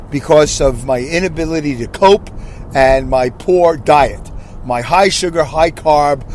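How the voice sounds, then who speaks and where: A man's voice: on the high side, a little hiss or hum. Rambling sixty-year-old man talking while driving. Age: 60s. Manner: rambling, self-correcting, asks listeners questions. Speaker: podcast host. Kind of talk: casual solo podcast monologue. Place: in his car, driving.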